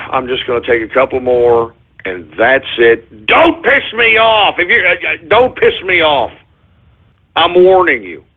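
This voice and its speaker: A man hosting a talk radio show, ranting and swinging from calm talk to angry shouting. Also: a little high, unhurried. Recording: muffled phone-like internet radio audio.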